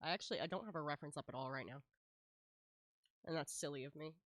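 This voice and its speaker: A woman's voice: sits low, fast, no room sound, clean studio sound. A woman with a stuffy nose chatting casually while she draws on a live stream, often laughing and filling with "like". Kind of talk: casual chat while drawing.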